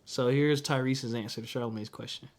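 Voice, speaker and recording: A man hosts a podcast in a mid-range voice that is neither high nor low. He speaks in a reflective, earnest way. He slows down to land the heartfelt points. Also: fairly even intonation. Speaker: podcast host. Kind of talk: reflective casual podcast talk.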